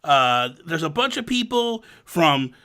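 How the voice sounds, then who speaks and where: A man's voice: fairly high pitch, slow. A young man hosting a casual gaming podcast, telling stories with lots of laughter and mock exasperation. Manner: animated storyteller, laughs often, mock exasperation. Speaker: podcast host.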